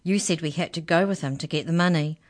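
A woman's voice: low-pitched, fast, close to an everyday voice. A woman voicing a bitter, scolding pet budgie in a storybook reading.

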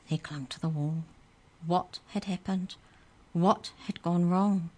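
A woman reading a children's story aloud in a calm, measured way. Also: lowish voice.

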